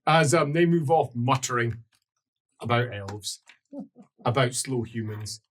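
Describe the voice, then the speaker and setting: A man narrating as game master of a tabletop game, mostly quiet with sudden loud bursts for characters. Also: medium pitch, unhurried, slight background noise.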